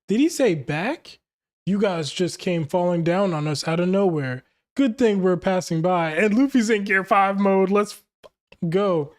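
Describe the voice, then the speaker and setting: A man hosting a casual comic reaction, excitable and slangy, laughing often as he reads along. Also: high voice, normal speed. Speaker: manga reaction host. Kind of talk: casual reaction while reading a comic chapter aloud.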